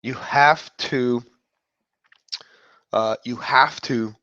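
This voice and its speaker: Rambling man with a lively voice. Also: medium pitch, moderate pace, no echo. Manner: rambling, self-interrupting, acts out quoted reactions. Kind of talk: casual motivational monologue. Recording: dull lo-fi dry sound.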